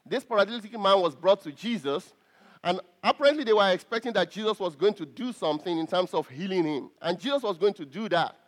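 Male preacher with a high voice, delivering an emphatic church sermon with frequent restarts. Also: expressive. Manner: emphatic, stresses key words with pauses; repeats words as he restarts.

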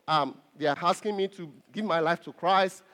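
A pastor preaching an earnest sermon to his congregation, repeating phrases and pausing on fillers. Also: high-pitched, fairly bright tone.

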